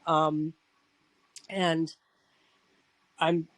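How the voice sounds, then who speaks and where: A man's voice: a little high, level tone, extremely slow, a bit bright, no room sound, low-quality recording. A man hosting a talk show, telling a personal story in a rambling, casual way with frequent restarts and swearing. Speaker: podcast host.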